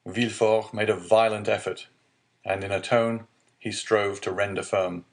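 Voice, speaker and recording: A man narrating a classic novel as a calm bedtime audiobook, reading slowly and evenly. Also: lowish voice. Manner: slow, even, soothing reading. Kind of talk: calm scripted narration for sleep.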